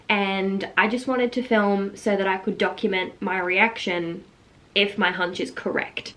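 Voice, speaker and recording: A woman's voice: medium pitch, normal speed, a bit bright, low-quality recording. A young woman, vlogging about a book in a casual, gushing way. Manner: gushing, breathless enthusiasm with frequent "like". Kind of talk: excited casual vlog.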